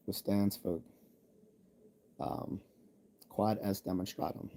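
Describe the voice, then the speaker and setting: A man's voice: lowish voice, steady tone, takes it slowly, vocal fry, long pauses, dark tone. A man from the United States hosting a live stream, reading viewer chat aloud and answering bluntly with jokes and laughs. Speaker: livestream host reading chat.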